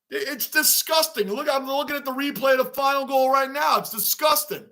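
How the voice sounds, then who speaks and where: A man's voice: very high-pitched, fairly quick, hardly any pauses. A man hosting a fan livestream, reacting emotionally to a game loss and greeting viewers in chat by name. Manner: emotional, animated, talks straight to chat. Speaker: livestream host.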